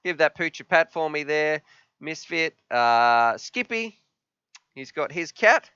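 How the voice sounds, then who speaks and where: Aussie guy hosting a live stream, reads out chat, bright crisp voice, kinda dull dry mic sound. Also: a little high, dry recording. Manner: emotional, halting, reads chat messages aloud.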